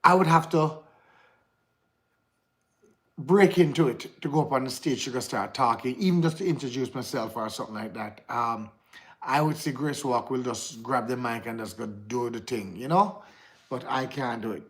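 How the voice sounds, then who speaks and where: A man's voice: mid-range voice, moderate pace. A man with a Jamaican accent chatting casually to viewers on his livestream, rambling and slipping into patois. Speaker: livestream host. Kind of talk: casual live chat to viewers.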